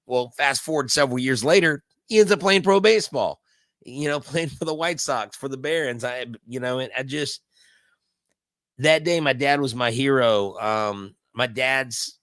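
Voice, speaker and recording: A middle-aged man hosts a casual live watch-along stream. He tells stories in a chatty way at a medium pitch, with fillers and restarts. His voice is close and dry, with no room sound. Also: animated, moderate pace, sharp tone, dry recording. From Houston, Texas. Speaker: livestream host.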